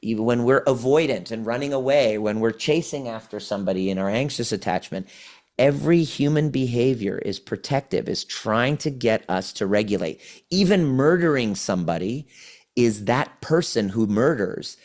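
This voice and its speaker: A man's voice: medium pitch, lively intonation, normal speed, a little mellow. A man on a podcast as a trauma healing coach. He tells a client's story and acts out her replies with a lot of energy. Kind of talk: conversational storytelling.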